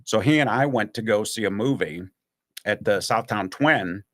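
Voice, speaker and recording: On a casual podcast, a man with a fairly low voice talks at a normal speed, spinning long stories. He's an animated narrator, likely the guest or host, and he does other people's voices as he recalls what happened.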